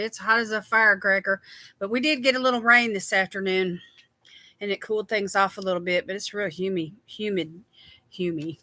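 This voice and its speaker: A woman's voice: fairly high pitch, sharp tone, dry recording. A woman hosting a casual skincare livestream, chatty and tired, greeting viewers by name.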